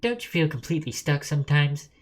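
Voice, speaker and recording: A man voicing a pushy female self-improvement coach in a high, sing-song falsetto, lecturing while reading game dialogue aloud. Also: animated, fast talker, close to an everyday voice. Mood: preachy.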